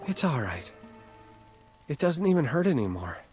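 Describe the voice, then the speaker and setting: A man's voice: on the high side, sing-song, normal speed, darkish tone, husky, faint music behind, full character voice. An actor playing a wounded man who is dying after being shot, gasping and desperate. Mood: fading. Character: wounded dying adult man, pleading brother. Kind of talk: video game voice acting.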